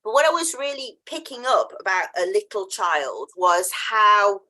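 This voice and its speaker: This podcast host has a medium-pitched, animated voice that comes across pushed and bright, and she talks a little slowly. Chatting casually in an interview, she tells a story, mimicking the voices she quotes and laughing frequently.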